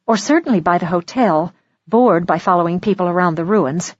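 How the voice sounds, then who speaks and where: A woman narrator voicing an older grandmother spy who speaks in quick, anxious exclamations. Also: fairly low pitch, darkish tone, no echo, highs cut off, natural voice. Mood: urgent.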